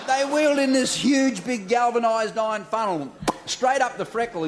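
A man's voice: very high-pitched, moderate pace, crowd noise. A man telling a comic story live, chatty and laughing as he spins the yarn. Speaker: comedy storyteller. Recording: live stage with audience and noise. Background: audience and ambient noise.

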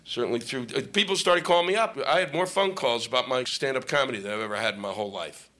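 A man's voice: mid-range voice, quick pace, sharp tone. A male stand-up comic doing a profane, ranting set on stage into a microphone. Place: comedy stage with audience laughing.

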